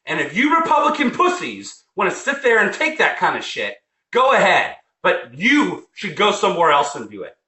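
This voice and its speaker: Heated male vlogger, swears a lot, bright and tense, echoey room. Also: sits high, wildly swooping pitch, moderate pace. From United States. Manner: heated, profane, repeats himself. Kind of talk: angry political rant. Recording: roomy echo.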